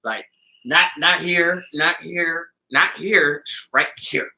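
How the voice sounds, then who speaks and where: A man's voice: a little high, slow pace, gravelly, bright, forceful tone, rough recording. A young man co-hosting a podcast, chiming in with blunt, profane wisecracks in casual chat. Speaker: podcast co-host.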